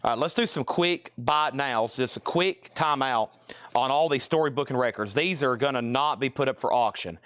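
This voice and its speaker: A man with a Southern Tennessee accent hosting a live-stream record sale, calling out prices briskly with joking asides. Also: mid-range voice, fairly bright tone, no echo.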